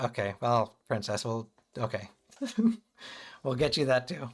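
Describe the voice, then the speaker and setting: Guy doing a chill tarot stream, rambly "kind of... right?" talk, mid-pitch voice, soft music behind. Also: measured pace, slightly rough. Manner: loose and chatty, peppered with "kind of" and "right?". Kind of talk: casual livestream tarot reading.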